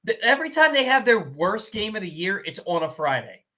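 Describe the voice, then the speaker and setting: A man hosting a casual sports talk show, telling a game story in an animated, exasperated way with quick restarts. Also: high voice.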